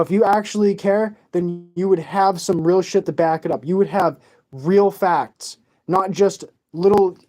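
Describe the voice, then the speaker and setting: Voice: medium pitch, dark tone. A vlogger delivering an agitated, rambling, profane rant to camera while tearful.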